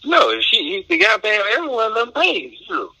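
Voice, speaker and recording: Laid-back man caller, sharp voice. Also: high voice, huge pitch swings, a little fast, slightly rough, no echo, rough recording. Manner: laid-back, short offhand answers. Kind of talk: call-in conversation. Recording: dry close recording.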